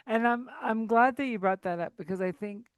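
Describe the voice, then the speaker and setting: A woman's voice: a little high, a little fast, clear, resonant tone, no room sound. Woman podcast host, conversational and affirming, dry close-miked sound. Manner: affirming, interjects to reflect back. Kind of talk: conversational interview.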